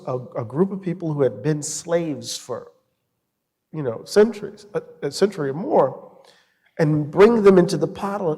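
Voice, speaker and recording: A middle-aged man with a slightly raised voice talks with passion, shifting between vivid storytelling and slow reflection. His words ring out with a long hall reverb behind them. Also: on the high side, a little mellow. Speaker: guest scholar. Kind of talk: interview conversation.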